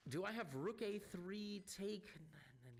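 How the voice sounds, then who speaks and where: Lively man thinking aloud over chess. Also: high-pitched, unhurried. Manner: ponders moves aloud, stammering restarts, wry teasing. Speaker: chess streamer.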